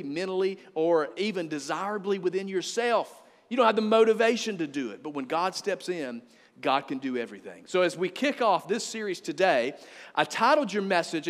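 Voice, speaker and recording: A pastor with a high, bright-edged voice preaches with energy. He leans hard on the scripture he quotes. His voice rings out with a long reverb through the hall. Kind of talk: sermon.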